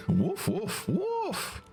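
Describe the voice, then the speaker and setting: A tiny puppy lets out squeaky, piercing barks that leap up and down. The yaps come at an unhurried pace. Faint game music sits behind him. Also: male voice, wildly swooping pitch, gravelly, heavily acted. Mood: yappy. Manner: yips in rapid high barks. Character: small yapping male puppy companion.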